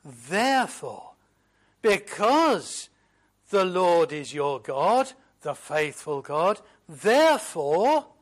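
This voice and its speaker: A man preaching a sermon, slow and emphatic, moving from loud declarations to hushed, reflective asides. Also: high voice, very animated. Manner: quotes hymn lines in a reflective voice.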